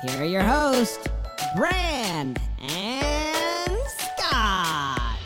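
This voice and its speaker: A woman announcing a podcast intro in a sung, drawn-out way. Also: fairly high pitch, huge pitch swings. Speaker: show announcer. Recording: voice over loud music.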